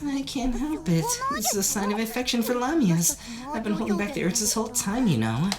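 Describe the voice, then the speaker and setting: A woman voicing a sweet, excitable young snake-girl monster in a game playthrough, gushing and emotional. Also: a little fast. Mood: apologetic. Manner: gushing and emotional, high and squealing. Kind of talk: playthrough voice acting.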